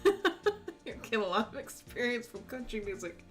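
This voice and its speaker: A woman's voice: a little high, expressive, normal speed, soft background music. Giggly woman chatting over a game. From United States. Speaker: let's play host. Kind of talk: casual game commentary.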